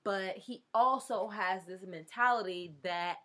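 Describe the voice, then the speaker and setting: A woman's voice: mid-range voice, a little slow, pushed and bright. A tipsy woman co-hosting a podcast, ranting sarcastically and profanely in casual political chat. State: tipsy from drinks. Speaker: podcast co-host.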